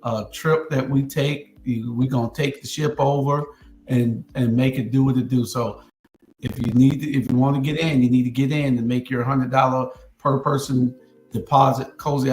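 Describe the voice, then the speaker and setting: A man hosting a panel stream, announcing upcoming events in a relaxed, hesitant way with many fillers. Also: medium pitch, moderate pace, soft background music. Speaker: show host. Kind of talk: casual panel discussion. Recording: roomy echo.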